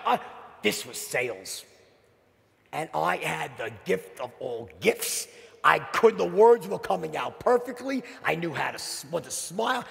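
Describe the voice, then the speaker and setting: A middle-aged man giving a motivational sales keynote, telling a story in an animated, punchy way and checking in with the audience with "right?". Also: on the high side, moderate pace, gravelly. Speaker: keynote speaker. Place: large conference hall. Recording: long hall reverb from stage.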